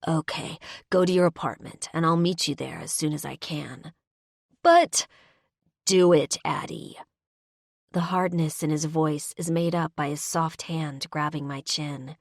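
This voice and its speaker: A woman's voice: low voice, steady tone, normal speed, vocal fry, few pauses, dry recording, clean studio sound. A woman narrating a romance audiobook in the first person, emotive, voicing both characters' dialogue.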